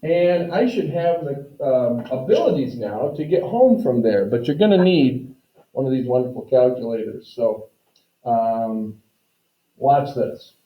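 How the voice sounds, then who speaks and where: A man's voice: medium pitch, expressive, a little slow. A male math teacher lectures to his class, walking through each step and speaking straight to the students. He is picked up from a distance in a roomy classroom, and the recording sounds dull and muffled. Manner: explains step by step, addresses students directly.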